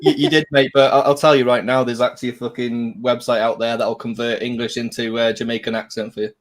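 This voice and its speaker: A man's voice: mid-range voice, flat delivery, fast talker. A man in a casual podcast chat, explaining things with offhand swearing.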